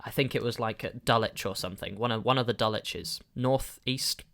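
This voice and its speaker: Guy chatting on a podcast, um-ing a lot, mid pitch, animated. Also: fairly quick, gravelly. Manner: rambling, animated, lots of fillers. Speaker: podcast host. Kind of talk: casual storytelling.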